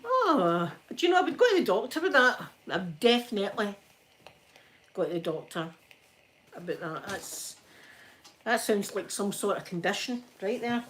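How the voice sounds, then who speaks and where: A woman's voice: mid-range voice, big pitch swings, normal speed, fairly bright tone. Giggly Scottish woman chatting live. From Scotland. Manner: chatty and giggly, often breaking into laughter. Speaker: ASMR livestream host. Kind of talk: casual live-stream chat with viewers. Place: at home, ironing.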